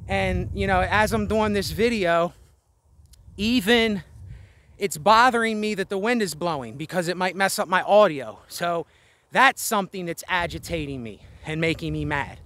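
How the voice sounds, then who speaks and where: A vlogger with a high-sitting, pushed and bright voice vents candidly at normal speed with lively intonation. He rambles, weary, frustrated and out of breath, standing outdoors at a windy spot above a road.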